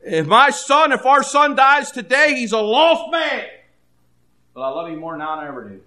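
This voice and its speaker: High-voiced older preacher, echoey room. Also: male voice, big pitch swings. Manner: swings between hushed and loud, halting repeats. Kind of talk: sermon.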